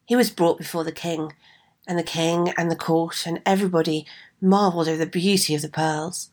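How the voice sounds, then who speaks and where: A woman's voice: fairly low pitch, fairly even intonation, a little fast, darkish tone. A woman telling a fairy tale aloud with chatty asides to her listeners. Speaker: storyteller.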